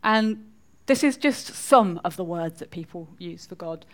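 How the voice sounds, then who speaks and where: This time the Mancunian preacher's voice sits on the low side, animated but at a measured pace. The northwest England woman stays chatty in her church talk, asking the congregation questions.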